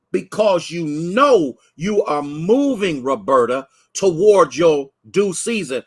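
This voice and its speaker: A man's voice: fairly high pitch, fairly bright tone, breathy edge. A man preaching a sermon, repeating phrases for emphasis and calling out viewers by name. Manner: preachy call-and-response, greets online viewers by name. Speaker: pastor. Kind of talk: livestreamed sermon teaching.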